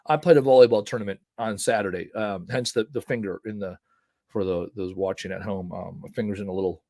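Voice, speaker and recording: A man's voice: on the low side, fairly even intonation, a little fast, warm tone, no echo. Casual forty-year-old man, dry close sound. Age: 40s. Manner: conversational, many fillers and rhetorical "right?". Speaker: host. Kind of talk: casual live-show monologue.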